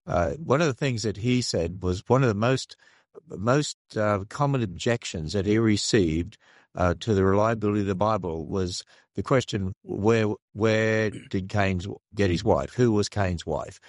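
An older man with an Australian accent, speaking earnestly and haltingly as a radio interview guest. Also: fairly low pitch, no echo, clean studio sound. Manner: earnest, measured, halting with restarts. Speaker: guest, creationist ministry leader.

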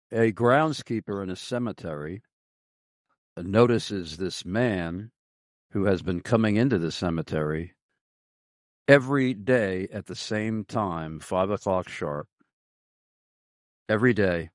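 A man co-hosting a podcast, telling a joke at a very unhurried, deliberate pace. His voice is fairly low, and the close mic gives a dry sound with no room in it. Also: lively intonation, no echo. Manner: slow, deliberate storyteller. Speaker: podcast co-host.

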